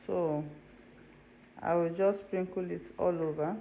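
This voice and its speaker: Her voice is lowish and gravelly, a little slow, with fairly even intonation, as she hosts a cooking tutorial. Working in her home kitchen, the woman chats through each step and keeps checking in with whoever is watching. The audio has the dull quality of a lo-fi home video, with faint room noise behind it.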